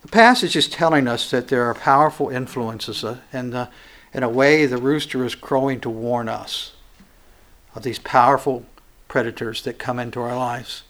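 A man preaching a sermon, swinging from loud, emphatic stresses down to hushed, quiet lines. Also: medium pitch, fairly even intonation, moderate pace.

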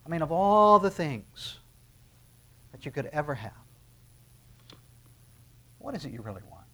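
A man preaching a sermon in a conversational way, acting out little dialogues and swinging between quiet asides and loud emphasis. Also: on the high side, sing-song, a little slow. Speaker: pastor.

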